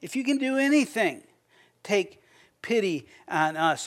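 A man's voice: on the high side, normal speed. A man preaching a sermon in a conversational way, often repeating words as he starts a sentence and acting out quoted prayers. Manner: acts out quoted prayers with a raised voice. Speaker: pastor.

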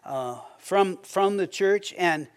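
Male pastor, high voice, relaxed sermon, stammering restarts, acts out prayers. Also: slow pace, smooth. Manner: conversational, repeats words when starting sentences; acts out quoted prayers with a raised voice.

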